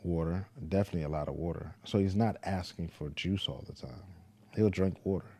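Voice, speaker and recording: A father talking casually to the camera, telling a parenting story in a laid-back, deliberate way. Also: sits low, dark tone.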